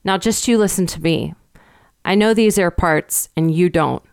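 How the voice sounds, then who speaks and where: A woman's voice: lowish voice, moderate pace, vocal fry, clear, resonant tone, no echo, clean studio sound. Woman doing grave old country shepherd. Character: gruff old rustic male shepherd, grave and superstitious. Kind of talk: storybook reading.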